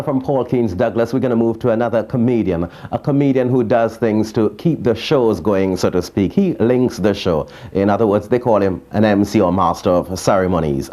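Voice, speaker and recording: A man hosting a TV show, introducing the next act in a measured, plain presenting manner. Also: fairly low pitch, warm tone. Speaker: TV show host.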